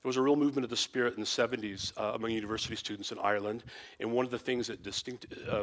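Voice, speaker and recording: A man's voice: medium pitch, a bit bright. A man who teaches the Bible, talking informally and rambling with lots of "you know" and restarts.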